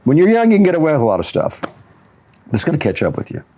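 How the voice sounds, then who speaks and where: A man's voice: a little high, huge pitch swings, fast, dark tone, a little hiss or hum. A man hosting a motivational talk show, telling stories and chuckling often as he talks. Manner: storytelling with frequent chuckles. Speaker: show host and jiu-jitsu instructor.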